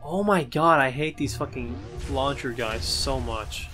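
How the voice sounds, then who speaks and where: A gamer giving casual gameplay commentary on a blind playthrough, excitable, swearing often and talking back at enemies. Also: medium pitch, measured pace, few pauses, soft background music. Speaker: gamer playing a shooter.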